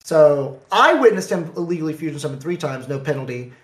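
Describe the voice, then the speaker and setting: A man telling a card tournament story in casual talk, animated, acting out the dialogue. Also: a little high, brisk. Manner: animated, acts out dialogue in quotes. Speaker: card game player. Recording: echoey room.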